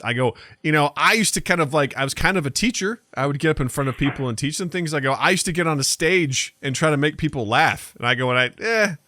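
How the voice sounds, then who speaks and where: A middle-aged man on a podcast, telling animated stories and acting out quotes in casual chat. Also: on the high side, fast, few pauses, no room sound. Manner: animated storytelling, acts out quotes. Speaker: podcast guest, filmmaker.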